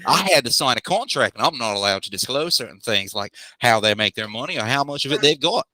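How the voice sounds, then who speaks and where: A man's voice: mid-range voice, expressive, fast talker, sharp tone, no room sound, rough recording. A man voicing a fussy, talkative male assistant with an Australian accent in a tabletop game, speaking in a rambling, folksy way. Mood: chatty.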